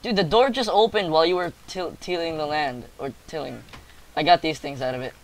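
A man hosting a casual let's-play with a friend, joking excitedly and reading quest text aloud. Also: a little high, brisk. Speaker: gaming channel host.

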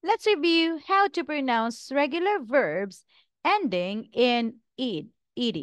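A woman teaching English pronunciation, drilling words one at a time in a slow, deliberate way. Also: high voice, lively intonation, smooth, no room sound.

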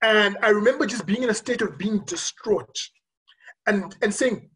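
A physician giving a virtual conference talk, recounting a personal story in a reflective, earnest way with frequent pauses. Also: mid-range voice, a bit bright, rough recording. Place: remote recording for a virtual conference.

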